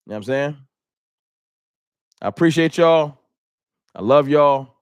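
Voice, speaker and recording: Animated, joking man on a live stream. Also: on the high side, unhurried, smooth, no echo, clean studio sound. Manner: animated, joking, laughs at own bits. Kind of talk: casual live-stream chat.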